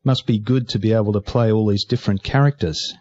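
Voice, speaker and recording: A man hosting a radio interview, asking questions in a polite, measured way. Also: fairly low pitch, steady tone, a little mellow. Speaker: radio host. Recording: dull lo-fi radio sound.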